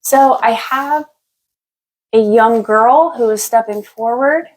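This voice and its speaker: A woman's voice: fairly high pitch, low-quality recording. Chatty woman giving a psychic reading. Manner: thinks aloud in a halting way, with many fillers and restarts; relaxed and chatty, laughs easily. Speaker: psychic medium giving a past-life reading. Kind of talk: live-stream spiritual reading.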